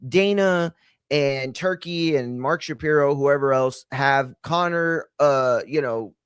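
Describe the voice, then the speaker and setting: Animated man hosting a fight podcast. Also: a little high, takes it slowly, clean tone, no echo, studio quality. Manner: animated, repeats himself, jokey. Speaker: podcast host. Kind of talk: casual combat sports talk.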